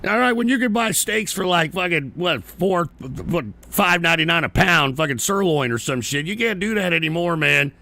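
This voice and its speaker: A man hosts a live-streamed show in a bright, sharp voice with a gravelly rasp. He rants in a profane, combative way. He mocks his viewers and argues back at the messages they send in. His voice sits a little high for a man. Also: lively intonation, moderate pace, few pauses, no echo. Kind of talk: casual ranting commentary.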